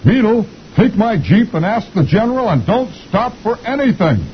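Man doing a shrill flustered army captain. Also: big pitch swings, normal speed, lo-fi sound, a little hiss or hum. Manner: high strained voice.

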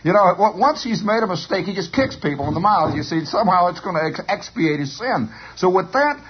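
A man telling a long rambling story on the radio, animated and stammering, on a dull lo-fi broadcast. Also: high-pitched, brisk, few pauses, husky. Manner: animated, stammering repetitions, chuckling.

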